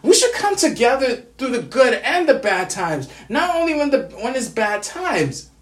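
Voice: high-pitched, big pitch swings, moderate pace. Angry, stammering vlogger, echoey and distant. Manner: stammers and repeats words, profane. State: upset and angry. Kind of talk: angry personal rant. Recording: roomy echo, distant from mic.

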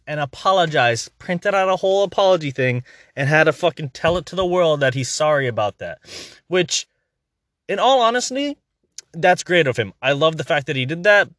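A man's voice: a little high, fairly bright tone, no room sound, clean studio sound. A young man hosting a podcast, ranting in a heated, profane, exasperated way in casual commentary.

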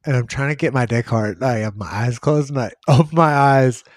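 A man's voice: mid-range voice, a little fast, dry recording, studio quality. A young man hosting a podcast, telling a rambling, crude story full of swearing and acted-out quotes. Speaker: podcast host.

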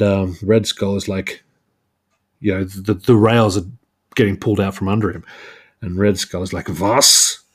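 A man with a lowish voice runs through a comic story on his podcast. His talk is casual and rambling, with fillers, and he is quick to poke fun at himself. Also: a little mellow. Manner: chatty and self-mocking, laughs at his own jokes. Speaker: podcast host. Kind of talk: casual comic book recap.

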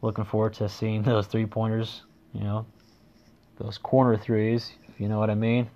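A man's voice: on the low side, completely flat delivery, moderate pace, warm tone, lo-fi sound. A man hosting a solo sports podcast, talking casually and rambling, with dry sarcasm. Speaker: podcast host.

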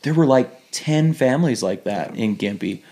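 A man guesting on a podcast, telling lively stories in an animated way, laughing often and restarting his sentences. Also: mid-range voice, normal speed. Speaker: podcast guest, former missionary. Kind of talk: casual storytelling interview.

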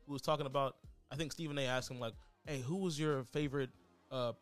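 A man co-hosting a casual sports podcast, talking in an animated, rambling way. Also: mid-range voice, fast talker, faint music behind. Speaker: podcast co-host.

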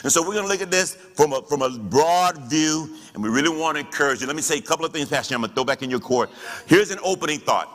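A man's voice: fairly high pitch, lively intonation, fast talker, fairly bright tone, long reverb tail. A man teaching as a pastor in church, preaching with rhetorical questions and call-and-response.

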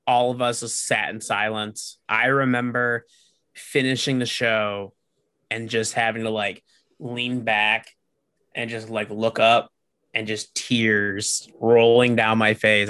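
A young man telling stories in a casual podcast chat, animated and full of fillers. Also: lowish voice, slow pace, clear, resonant tone, no room sound. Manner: animated storyteller, lots of "like". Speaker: podcast guest.

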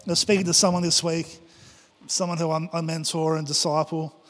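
A pastor whose voice is a little high and a bit bright, with little pitch movement, preaches briskly and passionately to his church. He performs prayers and quotes, heard through a long hall reverb.

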